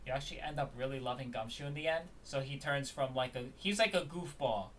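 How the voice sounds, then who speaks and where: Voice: mid-range voice, a little fast, hardly any pauses, distant mic, very noisy. Chatty streamer reading a game aloud. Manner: casual, chatty asides between read lines. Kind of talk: reading a visual novel aloud with commentary. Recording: loud game music, voice set back from mic.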